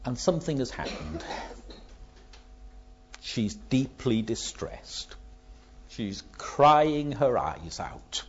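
A man's voice: mid-range voice, very animated, drawn-out words, pauses often, slight background noise. A man preaching a sermon, asking rhetorical questions and telling illustrative stories, in a dull lo-fi recording.

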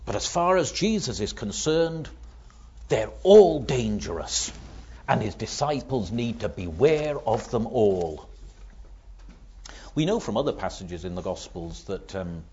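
A man's voice: fairly low pitch, sing-song, unhurried, warm tone, slight background noise. A man preaching a sermon, explaining patiently and asking rhetorical questions. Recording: dull lo-fi recording.

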